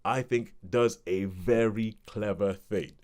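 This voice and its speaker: A man's voice: on the low side, takes it slowly, a little mellow. A man co-hosting a podcast, chatting casually and rambling through a review with laughs between points. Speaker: podcast co-host.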